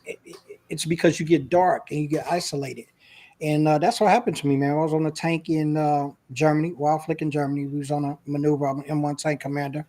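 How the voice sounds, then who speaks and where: A man's voice: on the high side, flat delivery, fast talker, dark tone. A man, a guest on an interview show, earnestly telling a personal story in a casual, emotional way.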